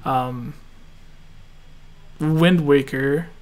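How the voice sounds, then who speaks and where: A man from Canada hosting a casual gaming podcast, relaxed and laughing often as he reads listener questions. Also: on the high side, drawn-out words, clean tone. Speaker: podcast host.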